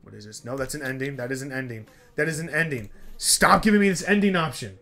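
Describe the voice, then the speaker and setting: A man's voice: mid-range voice, fast talker. Man pleading with his game characters. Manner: talks to his characters, repeats himself, pleading and excitable. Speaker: gaming YouTuber. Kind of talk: let's play commentary.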